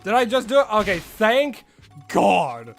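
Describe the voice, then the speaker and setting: A man's voice: high-pitched, very animated, a little slow, gravelly, faint music behind. A man streaming a video game in casual live-stream chat, rambling and exclaiming to himself as he plays.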